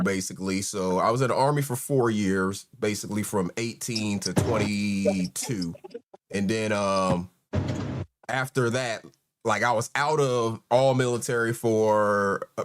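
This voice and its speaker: A man's voice: medium pitch, normal speed. A man, hosting a casual live stream and greeting chat members one by one in a laid-back way. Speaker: host.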